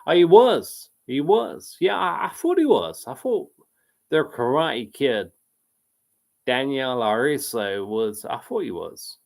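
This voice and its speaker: A man hosts a live quiz stream, chatting loosely about films and answering viewers' comments. He rambles and breaks off mid-thought. His voice has a gravelly edge and an unhurried pace. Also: medium pitch, sing-song, a little mellow. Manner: rambling, self-interrupting, laughs often. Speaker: live quiz host reading chat comments. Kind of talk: casual live-stream chat.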